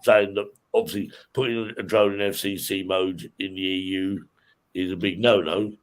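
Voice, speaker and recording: A man's voice: sits low, level tone, moderate pace. A man hosting a casual live-stream chat, talking things through with lots of restarts and repeats. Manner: chatty, explains things in restarts. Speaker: show host.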